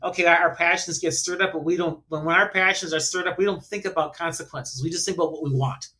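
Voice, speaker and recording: A man's voice: fairly high pitch, fairly even intonation, bright, forceful tone. A man who is an author and guest on a casual film podcast, talking reflectively with many restarts. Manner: reflective, halting with repeated words.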